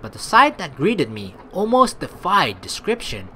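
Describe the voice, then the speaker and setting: A let's-play gamer reading game text aloud and reacting excitably with commentary. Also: medium pitch, moderate pace, a little hiss or hum. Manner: excitable, reacts with sudden outbursts.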